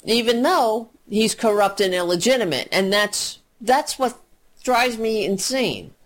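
A woman's voice: medium pitch, animated, unhurried. A woman filling in as a radio talk host, ranting about politics in a profane, indignant and sarcastic way.

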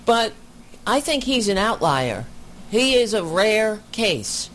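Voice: medium pitch, big pitch swings, takes it slowly, a bit bright, slight background noise. A commentator reacting to a video, talking with indignant, sarcastic asides.

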